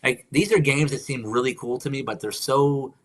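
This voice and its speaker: A man hosting a live stream, talking casually and reflectively about faith and life, sometimes slipping into soft whispered affirmations. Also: mid-range voice, normal speed. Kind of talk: casual spiritual chat.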